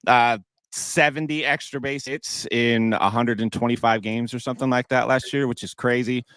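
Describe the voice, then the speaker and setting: A man's voice: mid-range voice, steady tone, a bit bright, smooth, no room sound. Analytical male podcast guest. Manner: analytical, measured, some restarts. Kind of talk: casual podcast chat.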